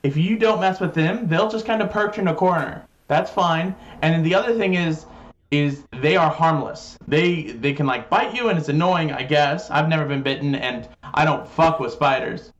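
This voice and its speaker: A man's voice: fairly high pitch, normal speed, dull audio. A man chatting casually on a podcast, joking and rambling with many fillers. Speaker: podcast host, guest.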